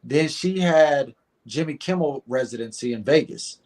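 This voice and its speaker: A middle-aged man telling a story in a casual interview, animated and acting out the dialogue, often repeating words. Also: fairly high pitch, measured pace. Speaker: guest comedian.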